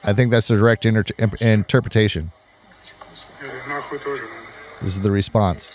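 A man's voice: fairly low pitch, steady tone, fast, a crowd in the background. A middle-aged man from Southern California hosting a casual news commentary stream, talking in a conversational, opinionated way as he reacts to the news.

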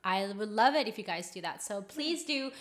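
A woman's voice: medium pitch, normal speed. A woman co-hosting a podcast in casual chat, telling stories animatedly and acting out voices. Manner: animated storyteller, acts out voices, laughs often. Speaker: podcast co-host.

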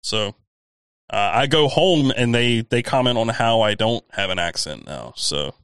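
A man's voice: medium pitch, expressive, measured pace, a bit bright, clean tone, dry recording. A man with a faint Southern US accent, ranting animatedly in a casual podcast chat and swearing freely. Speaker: podcast co-host.

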